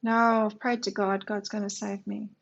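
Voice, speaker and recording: A woman's voice: medium pitch, little pitch movement, moderate pace, gravelly, lo-fi sound, lightly acted. A woman with an Australian accent voicing a stubborn man stranded on a flooded rooftop, speaking insistently in a parable she tells. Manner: insistent, pleading.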